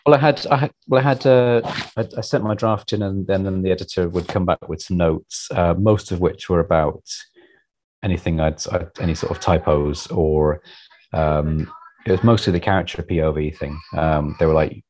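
A man's voice: sits low, moderate pace, darkish tone, slight background noise, rough recording. A man being interviewed about his writing, chatting casually and self-deprecatingly, with many restarts and repeated words.

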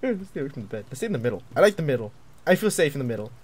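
A young man commentating a horror game as he plays, jumpy and excitable, yelping and taunting the monster. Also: medium pitch, racing. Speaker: gaming video creator.

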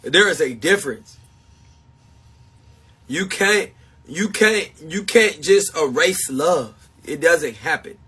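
A man's voice: fairly high pitch, animated, slow, long pauses, sharp tone, slightly rough. A man streaming live to his supporters in a casual, emphatic, confessional way. He repeats his points and laughs often between them. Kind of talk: casual livestream chat.

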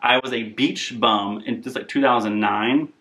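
A man's voice: medium pitch, normal speed, pushed and bright. A young man vlogging in a chatty, rambling, self-deprecating way. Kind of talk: casual rambling vlog.

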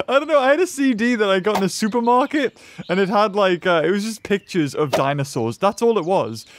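A man giving excitable gameplay commentary, laughing and yelping at the on-screen action. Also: sits high. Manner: shrieks and laughs at the action, fast chatter. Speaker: gaming YouTuber.

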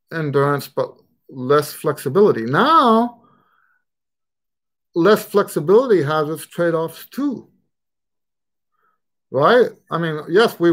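Slow-talking man hosting a trumpet Q and A. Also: fairly high pitch, fairly bright tone. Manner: thinking aloud, halting with fillers and restarts. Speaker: trumpet teacher hosting a live Q and A. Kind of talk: casual live-stream talk.

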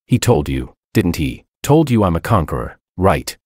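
A man's voice: low voice, big pitch swings, normal speed, a little mellow, husky, dry recording, clean studio sound, full character voice. A man narrator voicing a jealous young man who makes accusing outbursts. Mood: bitter. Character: jealous young man, pleading then bitter.

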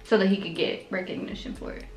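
A woman's voice: medium pitch, steady tone, quick pace, roomy sound. A young adult woman co-hosting a casual music reaction, hesitant and filler-heavy.

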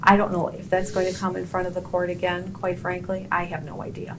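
A woman's voice: fairly low pitch, monotone, brisk. A middle-aged woman with an Upper Midwest American accent, a judicial candidate answering an editorial board firmly and plainly. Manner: firm, emphatic denials, plainspoken. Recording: noisy room audio.

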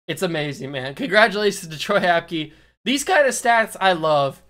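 A young man in his early twenties hosts a casual sports commentary monologue. He talks animatedly and teases his viewers, and he slows right down to lean on the words that matter. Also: high-pitched. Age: early 20s. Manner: animated, teasing, slows down to stress key words. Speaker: YouTube host.

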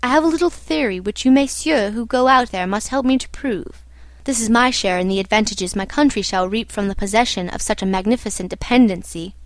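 A woman's voice: medium pitch, fairly quick, no echo, close to an everyday voice. A woman reading the part of an old, eccentric foreign male doctor in an audiobook, speaking in a matter-of-fact, imperturbable way. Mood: calm, detached.

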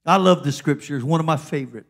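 A woman's low voice rushes along as she preaches a fervent Pentecostal sermon at church. She exhorts the congregation, calling "come on" over and over.

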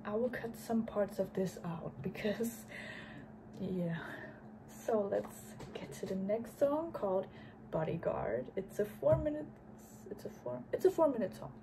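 Slow-talking woman reacting to music. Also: medium pitch, animated, background noise. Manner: chatty, musing aloud, sometimes drops to a whisper. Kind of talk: casual reaction chat.

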